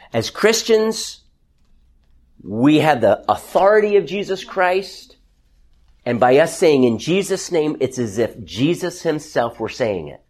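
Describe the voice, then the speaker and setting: A man's voice: mid-range voice, a little mellow. A man teaching an interactive Bible study to a small group in a church classroom. He talks conversationally, often restarts his sentences and asks the class questions.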